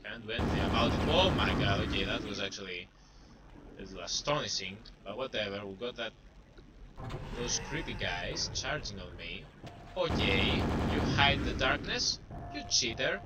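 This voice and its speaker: A man's voice: on the low side, lively intonation, moderate pace. A young man casually commenting on his gameplay, rambling, putting himself down and taunting enemies. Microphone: cheap desktop microphone. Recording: distant mic with clear background noise.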